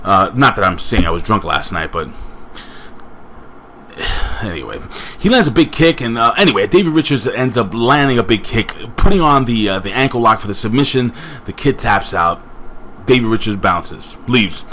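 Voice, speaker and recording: A man's voice: on the low side, animated, normal speed, bright, forceful tone, a little hiss or hum. A man casually reviewing a wrestling show, rambling with joking asides and chatting to a friend off camera.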